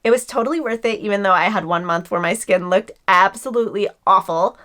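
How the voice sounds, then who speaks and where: A woman in her twenties chatting excitedly as she unboxes and reviews skincare products, gushing and thankful. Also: medium pitch, a little fast. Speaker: beauty vlogger.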